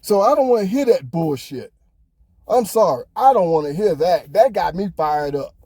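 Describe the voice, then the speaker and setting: A man's voice: high-pitched, lively intonation, moderate pace, mellow, no echo. A man hosting a podcast, ranting heatedly in casual talk, swearing often. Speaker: podcast host. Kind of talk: casual opinion monologue.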